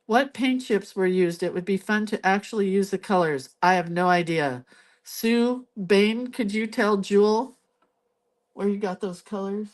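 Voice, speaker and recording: A woman's voice: medium pitch, unhurried. A woman hosting a casual live drawing tutorial from her craft desk, filmed on a phone. She chats and thinks aloud as she draws. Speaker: host and doodling teacher. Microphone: phone camera.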